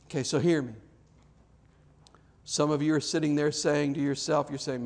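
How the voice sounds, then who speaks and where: A man preaching a sermon in a church, earnest, often repeating words and dropping to soft, emphatic lines. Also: fairly high pitch, little pitch movement, normal speed, creaky, long pauses. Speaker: pastor.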